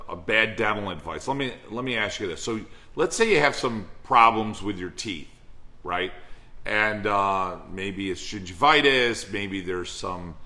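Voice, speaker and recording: Male chiropractic coach, bright forceful voice, earnest and repetitive, rhetorical questions to peers. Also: mid-range voice. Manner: acts out dialogue in an everyday voice. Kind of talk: motivational talk to colleagues.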